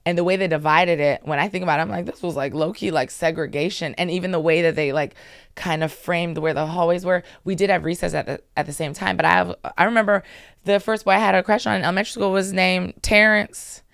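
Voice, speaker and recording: A woman in her thirties from Maryland, telling stories in a lively, animated way as an interview guest. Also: fairly low pitch, fast, gravelly, clean tone, no echo, clean studio sound. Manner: lively, animated storytelling with asides. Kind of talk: casual storytelling.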